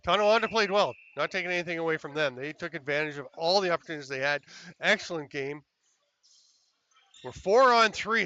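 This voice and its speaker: A man calling a lacrosse game as play-by-play commentator, chatty and excitable on goals, with apologetic asides between plays. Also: on the high side. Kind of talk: sports commentary. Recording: slightly dull lo-fi broadcast with faint noise.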